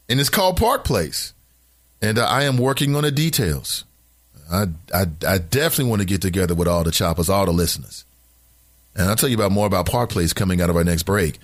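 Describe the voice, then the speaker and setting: Animated man hosting talk radio. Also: on the low side. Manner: animated, emphatic, preachy rants. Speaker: radio talk show host. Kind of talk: casual talk radio, reading listener comments.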